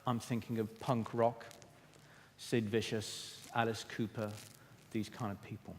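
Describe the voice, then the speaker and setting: A man's voice: lowish voice, flat delivery, a little slow, a little mellow, a little hiss or hum. Theatrical male keynote speaker in a hall. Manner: emphatic, theatrical, addresses the audience. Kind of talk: keynote talk. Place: stage in a conference hall. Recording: echoey hall.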